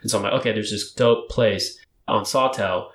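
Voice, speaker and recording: A young man chatting casually as a podcast guest, telling a rambling, animated story full of fillers. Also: on the low side, moderate pace. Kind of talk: casual chat. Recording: roomy echo.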